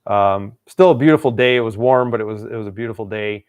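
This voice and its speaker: A fast-talking channel host from Wisconsin, with a fairly low, smooth voice, rambles through a long casual story. He laughs often and acts out quotes, heard in a dry, studio-quality recording.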